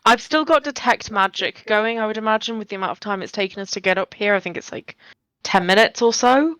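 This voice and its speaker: A woman's voice: mid-range voice, a little fast, a bit bright, dry recording, poor audio. A woman playing in a tabletop game, chatty and thinking aloud. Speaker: player. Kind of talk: casual tabletop play.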